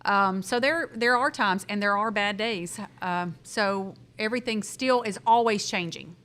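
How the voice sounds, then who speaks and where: A woman's voice: mid-range voice, measured pace, fairly bright tone. Encouraging mother in her forties. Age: 40s. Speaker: podcast co-host, mother. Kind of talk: casual advice talk.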